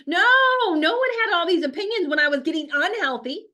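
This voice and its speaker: A woman's voice: sits high, animated, a little fast, hardly any pauses, pushed and bright. A woman host giving a blunt, emphatic motivational talk, firing off rhetorical questions. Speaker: host, health coach.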